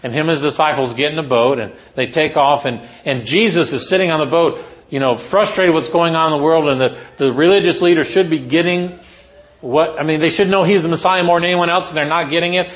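Animated man preaching a sermon. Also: fairly high pitch, brisk. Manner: animated storytelling with rhetorical questions. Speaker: preacher addressing teachers.

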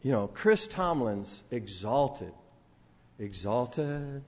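An older man preaching a sermon in a church, swinging between loud proclamation and quiet asides. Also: sits high, lively intonation, moderate pace. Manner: sings a few lines of a song. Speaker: pastor. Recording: long hall reverb.

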